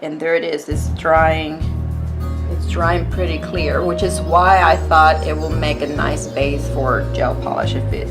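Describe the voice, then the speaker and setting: A woman explaining her nail art tutorial step by step in a relaxed, chatty way, with fillers. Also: low-pitched, a little slow, over music.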